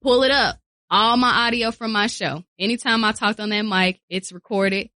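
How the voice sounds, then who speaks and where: Radio lady guest chatting in the studio, bright voice, dry close sound. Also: medium pitch, moderate pace, no echo. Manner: animated, acts out quoted voices, repeats phrases for emphasis. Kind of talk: casual interview chat.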